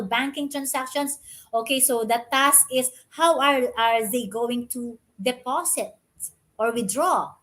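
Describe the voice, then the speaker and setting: A middle-aged woman giving an online webinar lecture, halting with fillers and often ending points with a questioning "no?". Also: on the high side, fairly bright tone. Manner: frequent fillers and tag "no?"; halting, repeats words. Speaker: webinar speaker.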